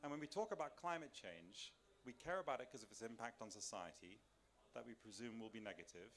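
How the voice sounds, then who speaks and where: A man lecturing to a live audience inside a large tent, his voice sitting at an ordinary middle pitch. He speaks conversationally, thinking aloud with restarts and rhetorical questions, and he moves around as he talks. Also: expressive, brisk, a bit bright. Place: large tent at a summer camp. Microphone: filmed by a camera.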